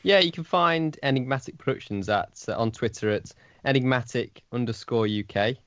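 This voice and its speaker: A man's voice: medium pitch, normal speed, fairly bright tone, no echo, lo-fi sound. A man guesting on a podcast, speaking in a laid-back, hesitant way. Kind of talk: casual podcast chat.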